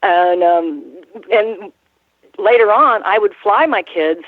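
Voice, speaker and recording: Speaking slowly in a medium-pitched voice, a woman in her sixties reminisces as an interview guest. She's a former wrestling ring announcer whose rambling, laugh-filled stories come with many restarts, carried over a dry, tinny phone line.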